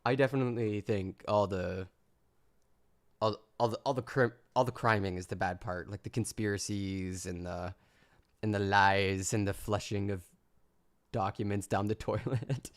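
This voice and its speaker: A man's voice: on the low side, fairly even intonation, moderate pace. A man hosting a livestream, gleefully mocking what he watches in casual reaction commentary. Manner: gleeful, mocking, breaks into laughter. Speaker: livestream host.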